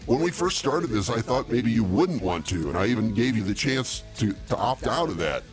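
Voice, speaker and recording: A man's voice: medium pitch, very animated, moderate pace, soft background music. A man co-hosting a comedy podcast, laughing often and trying to keep the talk on track. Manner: laughing, placating. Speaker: co-host. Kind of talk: casual comedy podcast banter.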